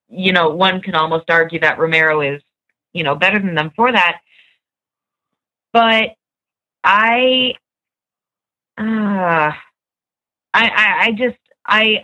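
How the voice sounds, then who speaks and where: A woman's voice: on the low side, bright, forceful tone. A woman on a casual podcast panel, talking in a hesitant way with many fillers. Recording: dull lo-fi sound.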